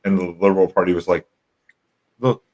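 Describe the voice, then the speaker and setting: A man hosts a late-night livestream and chats loosely, with rambling, profane stories broken up by laughs. His voice sits very low in pitch. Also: animated, brisk, fairly bright tone, low-quality recording. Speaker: livestream host. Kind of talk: casual chat.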